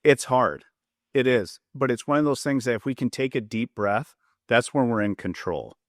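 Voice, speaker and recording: In a podcast interview, a man who formerly served as a police officer and now works as a public safety trainer explains points and dramatizes quoted lines to demonstrate tone. He speaks at normal speed with a medium pitch and an Upper Midwest American accent, in a dry, clean studio recording.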